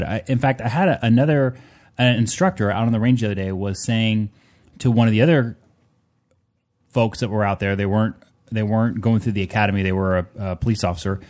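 A man's voice: lowish voice, fast, a little mellow. A man who teaches on a shooting range, chatting casually with playful joking. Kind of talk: casual chat.

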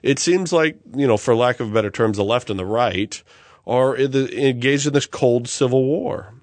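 A man co-hosting a podcast in casual chat, talking in an animated, ranting way and laughing easily. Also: medium pitch, normal speed, dry recording. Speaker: podcast co-host.

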